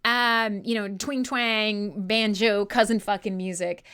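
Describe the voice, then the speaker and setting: Bright-voiced woman hosting a metal radio show. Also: mid-range voice, takes it slowly, clean tone. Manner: animated, profane and laughing. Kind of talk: casual live radio chat.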